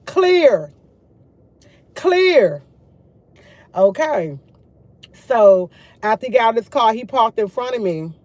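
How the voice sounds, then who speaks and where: High-voiced woman telling a story animatedly. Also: normal speed, dry recording. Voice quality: frequent swearing and slang. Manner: animated, emphatic retelling with repeated asides. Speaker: vlogger addressing her viewers. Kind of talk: casual storytelling chat.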